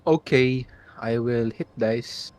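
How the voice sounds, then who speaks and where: A man's voice: medium pitch, slow, a little mellow. A man playing a tabletop game over a call, asking questions about the rules and trailing off as he counts his rolls. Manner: asks many rule questions, trails off while counting. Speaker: player. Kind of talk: casual tabletop chat. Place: home, online voice call.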